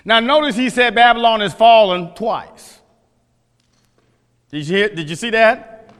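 A man's voice: high-pitched, measured pace, a bit bright, clean tone. A man teaching a Bible class, folksy, questioning his listeners, often restarting his sentences. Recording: echoey hall.

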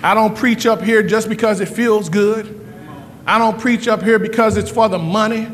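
Pastor, male, high bright voice, fervent sermon with rapid-fire repeated questions, echoey church hall. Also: fairly even intonation.

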